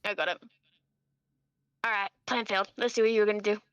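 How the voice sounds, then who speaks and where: A woman's voice: medium pitch, flat delivery, fast, fairly bright tone, clean tone, dry recording, lo-fi sound. Hesitant woman playing a tabletop game. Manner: hesitant, full of fillers and restarts. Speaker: player. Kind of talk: casual tabletop game chat.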